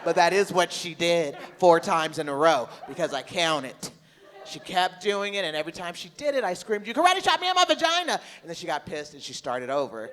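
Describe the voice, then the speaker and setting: A woman in her forties performing a stand-up comedy set, brash and oversharing, with sudden bursts of loud outrage. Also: low voice, moderate pace. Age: 40s. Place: comedy club stage with live audience. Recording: reverberant live venue with audience laughter.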